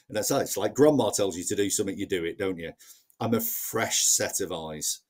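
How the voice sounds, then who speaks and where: Northern english guy, lowish voice, plain-spoken sales trainer chatting on a podcast. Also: moderate pace. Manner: plain-spoken, explains step by step with acted-out quotes. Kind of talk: casual podcast conversation.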